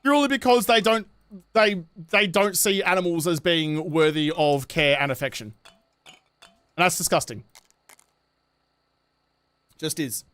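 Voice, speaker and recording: A man's voice: a little high, measured pace, pauses often, a bit bright, clear, resonant tone. Profane New Zealand man ranting. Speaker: streamer. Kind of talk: casual livestream chat while gaming.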